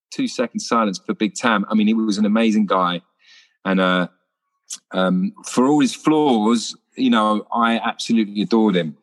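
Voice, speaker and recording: Animated actor, casual guest, spins anecdotes with acted-out voices. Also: male voice, fairly low pitch. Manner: lively storyteller, acts out voices.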